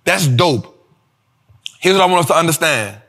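A man with a high-pitched voice and a bright, forceful edge hosts his own show. He riffs casually about money and investing in a loose, profane way, laughing often and talking straight to his viewers. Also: animated, normal speed, breathy edge. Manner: addresses viewers directly as y'all. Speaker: show host.

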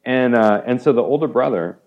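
A man's voice: medium pitch, brisk, phone-quality sound, a little hiss or hum. A man talking as a guest in a conversational interview. He retells a parable with animation, acts out the lines of its characters and uses "like" often. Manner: animated storyteller, acts out quoted speech, many "like"s.

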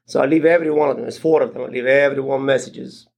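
Middle-aged guy, raspy gravelly voice, kinda high, rambling story w lots of "you know"s. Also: racing. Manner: rambling, restarts with many fillers; animated, jumps higher when quoting others. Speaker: podcast guest, landlord. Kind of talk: casual storytelling.

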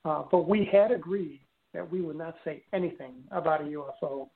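A man's voice: on the high side, a little fast, gravelly, a little hiss or hum. A man telling a long personal story in a casual, rambling way, full of fillers and restarts. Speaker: guest telling his story. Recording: tinny phone line.

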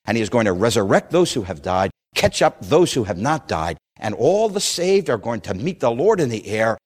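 A man preaching a sermon, retelling scripture with dramatic storytelling that swings between loud declarations and hushed passages. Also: medium pitch, big pitch swings, normal speed.

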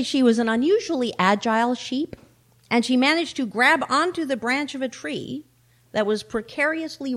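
A woman's voice: a little high, fairly bright tone. A middle-aged woman minister and chaplain preaching a sermon, telling a story in a wry, earnest way. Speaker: minister and law enforcement chaplain.

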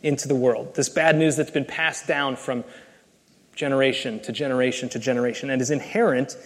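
A pastor giving an emphatic, earnest sermon and reading scripture aloud. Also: male voice, mid-range voice, fairly even intonation, a little fast, long reverb tail. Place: church sanctuary.

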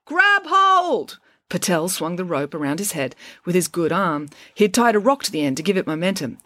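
A woman narrating a children's adventure book in an expressive storytelling manner. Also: fairly low pitch, fast, no room sound. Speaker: audiobook narrator.

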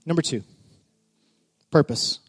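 A man pastor preaching a sermon, telling the story in an animated, lively way. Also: slow. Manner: animated storyteller, builds to shouting.

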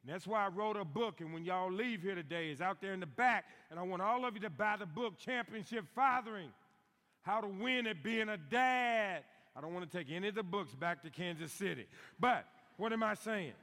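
A middle-aged man preaching a sermon in a church, emphatic and repeating key lines slowly for stress. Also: high voice, expressive, sharp tone. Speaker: guest preacher on fathering. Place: church sanctuary. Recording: long hall reverb.

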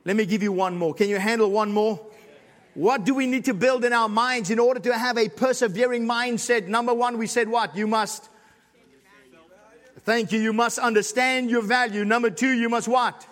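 High-voiced man preaching in a reverberant hall. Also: fairly even intonation, moderate pace. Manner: preaching with repeated emphatic lines, builds to shouts. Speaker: pastor. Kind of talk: sermon. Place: church sanctuary.

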